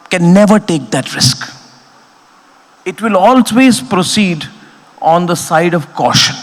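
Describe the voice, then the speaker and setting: A man with an Indian English accent delivers a keynote speech with fervour, leaning hard on key words. His voice sits somewhat high. The sound carries the long, lingering reverb of a large hall. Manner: emphatic, impassioned, punchy stressed phrases. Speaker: keynote speaker, news editor.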